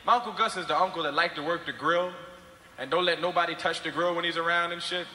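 A man's voice: on the high side, steady tone, quick pace, sharp tone. A man doing stand-up comedy, telling profane family stories in a casual way. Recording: echoey noisy hall recording.

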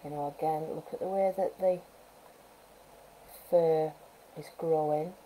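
A woman with a mellow, slightly low voice talks casually through a live painting lesson. She thinks aloud as she works and adds gentle coaching asides for viewers. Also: fairly even intonation, unhurried, a little hiss or hum, rough recording. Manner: chatty, thinks aloud while working. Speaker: wildlife artist teaching painting. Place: art studio at home, live stream.

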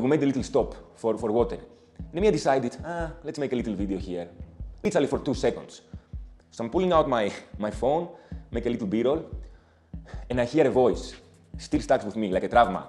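A man's voice: mid-range voice, expressive, a little fast, darkish tone. A man from Greece, an English speaker, telling a story in an interview and vividly acting out the people he quotes. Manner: vivid, acts out quoted speech. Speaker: travel companion telling a story.

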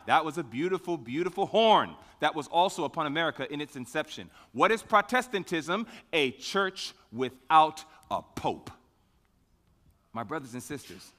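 A male preacher with a high, bright voice that swoops all over as he builds each point. He asks questions and answers them himself, leaning hard into key words. His voice rings out in a long-reverb hall. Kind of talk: sermon.

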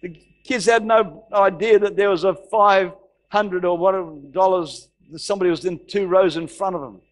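A middle-aged pastor tells a story from the pulpit, slipping into the voices of the people he quotes. His voice sits a little higher than most men's, and he repeats phrases for emphasis. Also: fairly even intonation, normal speed. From Australia. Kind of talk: sermon storytelling.

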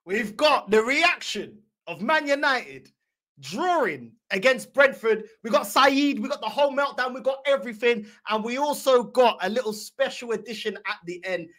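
A woman hosting a football reaction video, teasing and joking in heavy slang and laughing often. Her voice sits fairly high and swings widely in pitch as she gets animated. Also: moderate pace. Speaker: host of a football reaction channel. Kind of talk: casual fan reaction commentary.

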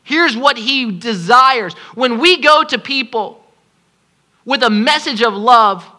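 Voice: medium pitch, expressive, takes it slowly, bright, forceful tone. A pastor preaching a sermon at a congregation service, impassioned and pleading, repeating phrases for emphasis.

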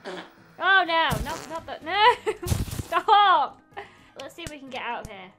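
A woman's voice: high voice, big pitch swings, slow, music in the background. A young woman giving giggly, exclamation-filled let's-play commentary as a gaming YouTuber, talking to the game as she plays.

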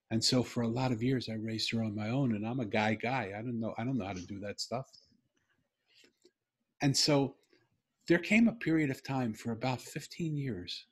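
A man's voice: medium pitch, husky. A middle-aged man, a podcast guest, telling a personal story in an earnest, heartfelt, emphatic way.

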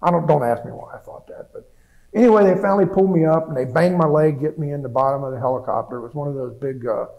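A man's voice: a little high, fast talker, creaky, highs cut off. An older man, a veteran, telling his wartime story in a plainspoken, rambling way with many restarts. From United States. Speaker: veteran interviewee. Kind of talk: oral history recollection.

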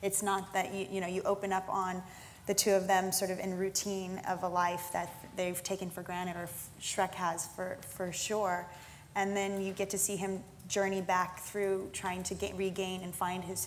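A woman's voice: on the low side, slight background noise. A woman speaking earnestly in an interview, often restarting her phrases as she talks. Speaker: cast member interviewee. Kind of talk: conversational interview.

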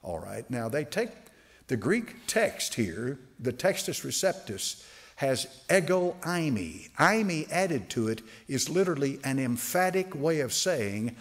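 A male pastor preaches with a lively, swinging pitch. He stretches out quoted scripture slowly for emphasis, and his everyday explaining is loose, with fillers and restarts. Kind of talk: sermon.

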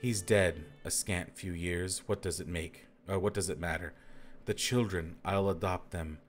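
A man's voice: deep voice, fairly even intonation, measured pace, faint music behind. A man reading the part of a scheming male emperor, coaxing and mocking.

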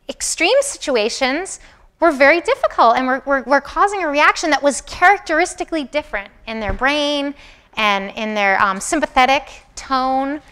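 A woman lecturer talking to a class in a conversational way, asking the students questions directly. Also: high voice. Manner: acts out soothing and excited voices. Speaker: university lecturer. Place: lecture room.

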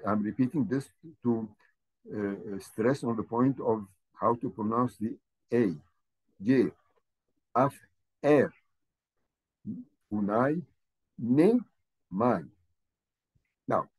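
A man leads a slow, careful language lesson. He spells each word out letter by letter and repeats it patiently. His voice is slightly husky. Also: mid-range voice, a little mellow. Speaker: language teacher.

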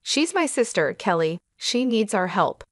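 A woman voicing a calm, dismissive husband in a narrated story, talking in a flat, condescending way. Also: medium pitch, measured pace, no echo, studio quality. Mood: curt.

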